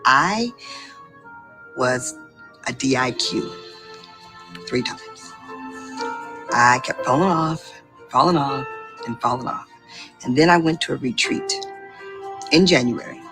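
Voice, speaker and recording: Brief: middle-aged woman, low voice, animated storyteller, laughs often, soft music underneath. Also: takes it slowly, long pauses. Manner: animated, laughing, acts out quotes. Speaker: sales director telling her story. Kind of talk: personal storytelling.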